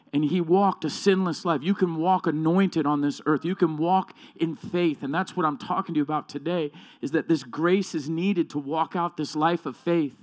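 A man preaching a sermon with emphatic delivery, often repeating and correcting himself. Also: on the high side.

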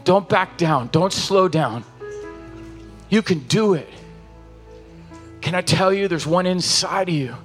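Faint music plays behind a pastor delivering an impassioned sermon, full of repeated call-and-response exhortations whose intensity rises and falls. He speaks slowly with frequent pauses, in a high-pitched, lively, slightly bright voice.

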